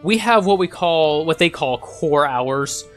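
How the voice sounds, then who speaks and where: Lively, chatty man narrating a game. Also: fairly high pitch, unhurried, faint music behind. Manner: thinks aloud, chuckling, many ums and uhs. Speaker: gaming channel host. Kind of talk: casual let's-play commentary.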